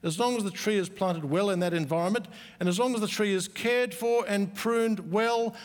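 Brief: middle-aged man, pastor, earnest sermon, fairly high voice, echoing hall. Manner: earnest, slow emphatic stresses with warm asides. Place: church auditorium. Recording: echoey church hall.

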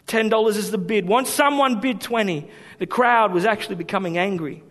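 A male pastor preaching a sermon with storytelling, swinging from hushed to emphatic. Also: high-pitched, brisk, hardly any pauses. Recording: long hall reverb.

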